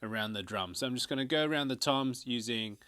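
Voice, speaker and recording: A man's voice: mid-range voice, fast, sharp tone, dry recording. A man teaching a drum lesson, counting out stickings aloud as he explains. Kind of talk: instructional demonstration. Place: drum studio.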